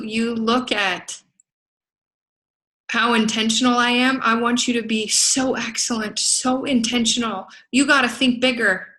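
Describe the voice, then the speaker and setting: A woman's voice: fairly high pitch, sharp tone, rough recording. A middle-aged woman, a business coach, giving an emphatic motivational talk to a group, laughing often and asking "right?". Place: event venue in Las Vegas.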